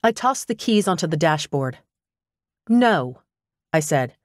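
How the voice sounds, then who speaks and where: A woman narrates a first-person audiobook in a lively, eager way. Her voice sits on the lower side for a woman. The recording is close and completely dry. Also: moderate pace, no echo.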